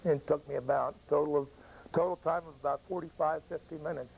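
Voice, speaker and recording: Older male veteran storyteller, gravelly and husky voice, emotional and halting delivery. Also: a little high, steady tone, a little mellow, low-quality recording. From United States. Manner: emotional, halting, with long pauses. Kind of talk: personal war story told to an audience. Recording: old radio broadcast recording.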